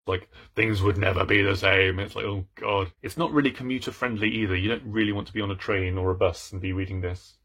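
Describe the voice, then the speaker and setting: A man's voice: fairly low pitch, fairly quick, fairly bright tone, husky. A man in his thirties chatting playfully about books on his channel, theatrical and self-mocking. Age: 30s. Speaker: book vlogger. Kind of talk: casual chat about books.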